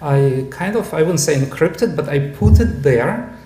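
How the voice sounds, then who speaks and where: Halting man giving a club talk. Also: a little high, lively intonation, warm tone, a little hiss or hum. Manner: halting, many fillers and restarts. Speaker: club presenter. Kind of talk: casual club presentation. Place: club meeting room.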